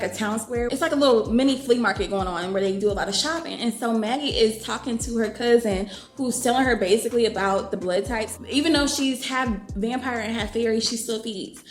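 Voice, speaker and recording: A woman's voice: on the high side, moderate pace, faint music behind. A woman, chatting casually in a reading vlog, reading passages aloud and reacting with swearing and exclamations. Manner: animated, swears freely, bursts of laughter and exclamation. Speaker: book vlogger. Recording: echoey room with faint background noise.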